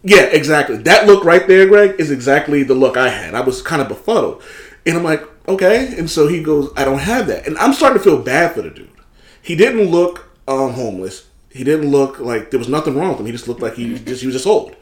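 A man telling a story in casual, animated chat, swearing freely and acting out what others said. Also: fairly high pitch, a little fast, reverberant. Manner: animated, swearing, acts out quotes in other voices.

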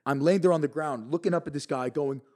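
A man telling a wild story as a podcast guest, his voice sitting a little higher than most men's. He talks in an animated, excitable rush, swearing constantly and tossing in "bro" and "like" all the way through. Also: fast. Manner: excitable, profane, peppered with "bro" and "like".

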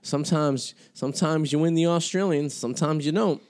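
A man's voice: on the high side, brisk, a little mellow. Boston man, crude rambling chat. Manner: crude, rambling, swears freely. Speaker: podcast host. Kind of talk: casual chat.

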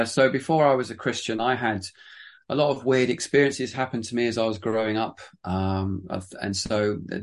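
Low-voiced pastor telling his story. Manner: rambling, self-deprecating, many restarts. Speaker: pastor and church planter. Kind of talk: interview storytelling.

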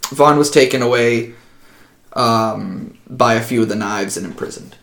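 A man's voice: medium pitch, unhurried, fairly bright tone. Guy running a tabletop game, lots of ums, echoey room. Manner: casual, rambling with many ums. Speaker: game master.

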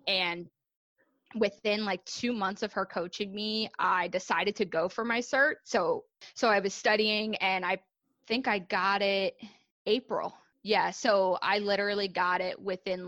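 A woman's voice: medium pitch, fairly even intonation, a little slow, a bit bright, dry recording. A young adult woman, a fitness coach, telling her story in a casual, candid podcast interview, with many ums and likes.

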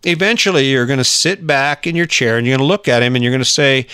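A man's voice: medium pitch, quick pace, hardly any pauses, bright, forceful tone, clean tone, no room sound, clean studio sound. A man giving a motivational talk in an earnest, conversational way, with frequent restarts. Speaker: motivational speaker.

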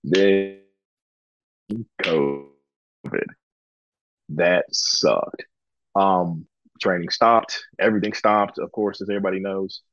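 A man from Georgia, a pro wrestler, telling his story in a relaxed interview, full of ums and acted-out quotes. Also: sits low, slow pace, long pauses, no room sound, highs cut off. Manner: relaxed, chatty, frequent ums, acts out quoted dialogue. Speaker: guest, professional wrestler.

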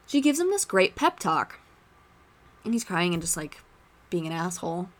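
A woman hosting a podcast, chatting casually and retelling movie scenes with lively asides. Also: fairly low pitch, normal speed. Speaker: podcast host.

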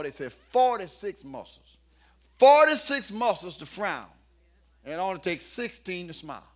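A man preaching a sermon in a humorous, playful way, coaxing the congregation and building up to shouts at his peaks. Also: high voice. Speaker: pastor.

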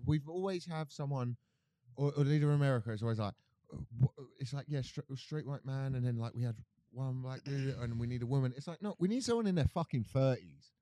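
A man's voice: medium pitch, quick pace, warm tone, no room sound. Joking young man, dry mic. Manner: joking, slips into impressions and accents. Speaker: podcast co-host. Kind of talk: casual chat.

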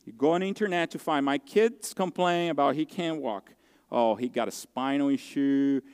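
A man preaching a sermon as pastor, telling a personal story in an earnest, heartfelt way with halting restarts. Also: medium pitch, darkish tone, smooth, in a large hall.

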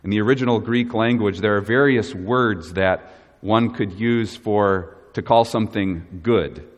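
A man preaching a sermon as pastor, earnest and measured, leaning hard on key words. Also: on the low side, lo-fi sound. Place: church. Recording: long reverb of a church hall.

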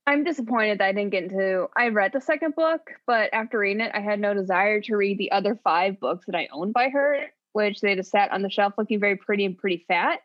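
A woman's voice: medium pitch, fairly quick, few pauses, lo-fi sound. A woman co-hosting a podcast, chatting casually and playfully about books and laughing often. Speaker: podcast co-host. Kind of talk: casual book chat.

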